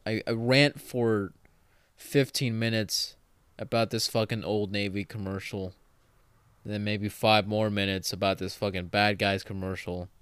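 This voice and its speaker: Slow, rambling sleepy podcast man. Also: fairly low pitch, a bit bright, smooth, no echo. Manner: rambling, swearing, self-correcting. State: just woken up, yawning. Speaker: podcast host. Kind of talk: casual solo podcast monologue.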